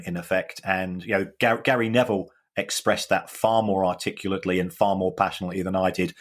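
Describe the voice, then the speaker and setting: Earnest, low-voiced man co-hosting a podcast. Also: fairly even intonation, brisk, few pauses. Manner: earnest, emphatic, with frequent restarts. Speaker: podcast co-host. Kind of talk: casual football podcast chat.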